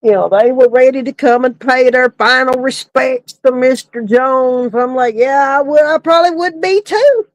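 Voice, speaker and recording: High-voiced woman laughing through a story. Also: moderate pace, no room sound, poor audio. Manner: laughing often while telling the story. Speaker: funeral home worker. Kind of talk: casual comic storytelling.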